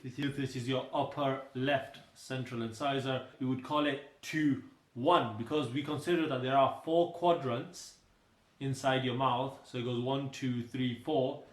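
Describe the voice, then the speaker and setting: A man's voice: medium pitch, echoey room, rough recording. A young man in his twenties, a dentist hosting a casual meme reaction chat, joking and explaining things patiently. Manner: playful, jokey, explains patiently. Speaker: dentist and channel host.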